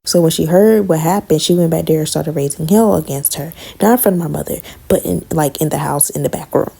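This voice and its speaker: Woman storyteller, blunt and profane; gravelly, husky. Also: sits low, brisk. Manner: blunt, profane, animated retelling. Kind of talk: casual storytime monologue.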